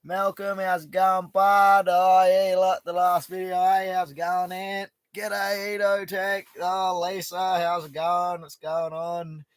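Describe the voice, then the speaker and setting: A man's voice: high-pitched, little pitch movement, takes it slowly, hardly any pauses, no room sound. An Australian man hosting a casual live stream from an outback bush camp, greeting viewers by name in a laid-back, matey way. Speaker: livestream host.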